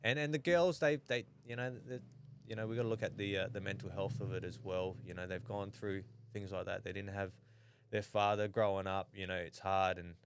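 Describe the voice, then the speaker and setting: A young Australian man chatting casually as a podcast guest, halting and full of restarts. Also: low voice, steady tone, slight background noise. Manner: halting, many restarts and fillers. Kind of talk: casual chat.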